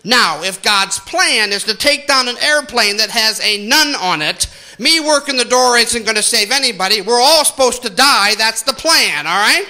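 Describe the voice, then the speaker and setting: High, bright-voiced stand-up comedian. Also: male voice, expressive, normal speed, faint music behind. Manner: exaggerated storytelling, asides to the audience. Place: theater stage.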